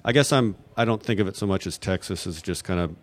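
Hesitant low-voiced man answering questions. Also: fast talker. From New Mexico, USA. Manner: hesitant, full of fillers and restarts. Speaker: guest at audience Q&A. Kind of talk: rambling unscripted answers.

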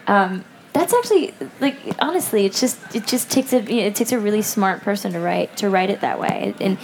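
Halting woman actress in an interview. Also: mid-range voice, animated, darkish tone, slight background noise. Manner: halting, restarts her sentences. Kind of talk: press interview.

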